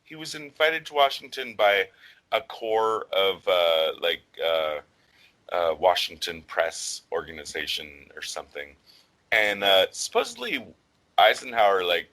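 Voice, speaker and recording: A man talks through a podcast discussion in a loose, rambling way, peppering his sentences with fillers and casual swearing. His voice sits on the low side yet sounds bright and forward. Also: animated, unhurried, poor audio. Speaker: podcast co-host.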